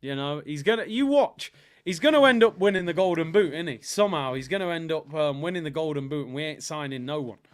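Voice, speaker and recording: A man's voice: fairly high pitch, quick pace. A young man hosting a football watchalong livestream, chatting casually in slang-filled banter. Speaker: livestream host.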